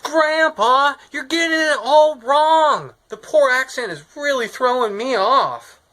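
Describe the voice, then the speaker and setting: A woman's voice: high voice, animated, slow, a bit bright, heavily acted. A woman in an amateur fan reenactment playing a sick grandchild who complains about the story in a whiny, nitpicking way. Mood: complaining.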